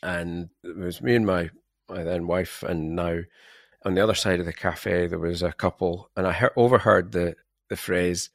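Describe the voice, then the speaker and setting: A male interview host with a low, gravelly voice tells rambling, anecdotal stories. The sound is close and dry. He speaks in a loose, casual chat style. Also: fairly even intonation, normal speed, no room sound. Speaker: podcast host.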